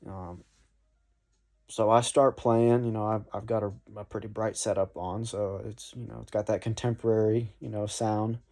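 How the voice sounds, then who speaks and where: A man's voice: fairly low pitch, little pitch movement, normal speed, dark tone. Laid-back man spinning a yarn. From North Florida. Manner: rambling, laid-back, many fillers and "man". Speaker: saxophone player telling a story. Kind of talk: casual storytelling vlog.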